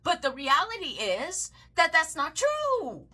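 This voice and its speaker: A woman's voice: extremely high pitch, huge pitch swings, slow pace, pushed and bright. A Southern woman giving heated, profane political commentary, swinging into mocking shrieks. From American South.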